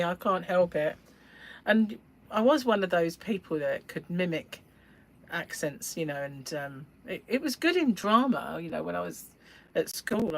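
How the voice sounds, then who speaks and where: A woman's voice: lowish voice, low-quality recording. A middle-aged woman from England chatting at length during a live crochet stream, rambling and laughing often, gushing over yarn colours. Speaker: yarn shop owner and livestream host. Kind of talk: casual chat while crocheting.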